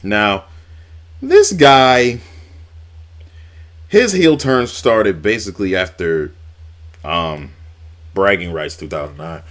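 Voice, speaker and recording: A man's voice: sits low, expressive, unhurried. A man casually recapping old wrestling storylines, rambling and swearing now and then. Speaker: wrestling YouTuber.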